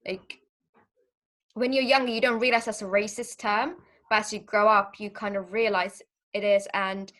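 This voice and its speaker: A woman leads a group discussion over a video call. Her pitch sits in the middle range. She speaks in a relaxed, casual way and keeps asking others to join in. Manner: relaxed, inviting others to share. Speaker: discussion moderator.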